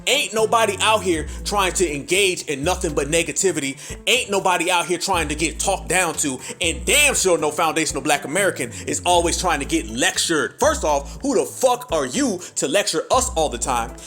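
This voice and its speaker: A man with a high, lively voice rants through a podcast monologue, swinging his pitch widely as he builds points in a rhythmic, preacher-like cadence. He leans hard on emphasis and curses freely. Faint music sits under his voice. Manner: mimics other voices in quick asides. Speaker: podcast host. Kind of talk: animated commentary monologue.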